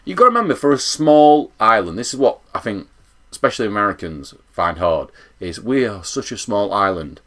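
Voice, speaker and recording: A man with a South Yorkshire accent, chatting casually to camera in a rambling, animated vlog. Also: lowish voice, brisk. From England. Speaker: vlogger.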